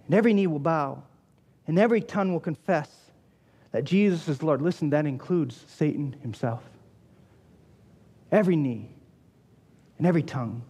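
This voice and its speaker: A man's voice: a little high, darkish tone, slightly rough. A male pastor preaching a sermon, emphatic and repeating key phrases for weight. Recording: long hall reverb.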